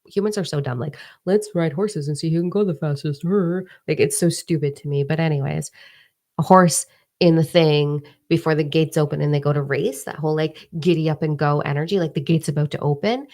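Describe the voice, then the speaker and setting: Low gravelly woman giving an energy forecast. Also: fairly even intonation, normal speed, darkish tone. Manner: casual, emphatic, repeats key phrases. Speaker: spiritual reader.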